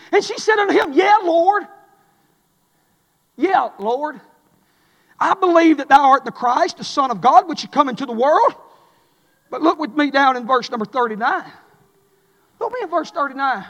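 A pastor preaching a fiery sermon in a church, swinging from hushed and intimate to loud shouting. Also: male voice, very high-pitched, expressive, normal speed. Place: church sanctuary. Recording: long hall reverb.

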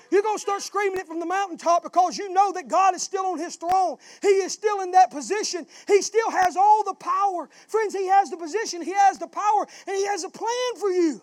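A male pastor preaching a sermon, rising from plain talk into impassioned shouting. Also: very high voice, no room sound. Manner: southern-style preaching, swells into shouting.

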